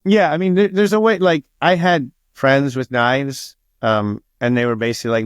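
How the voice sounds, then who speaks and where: A man's voice: mid-range voice, moderate pace, few pauses, clean tone, no room sound, studio quality. A man being interviewed as an author, telling stories casually, swearing freely and acting out what others said. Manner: swears freely and acts out quoted dialogue.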